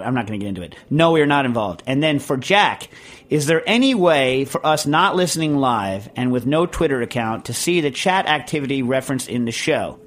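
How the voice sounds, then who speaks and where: Rambling, excitable man hosting a podcast. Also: medium pitch. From Connecticut. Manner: rambling, excitable, tells stories with put-on voices. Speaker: podcast host reading listener questions. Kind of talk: casual chat.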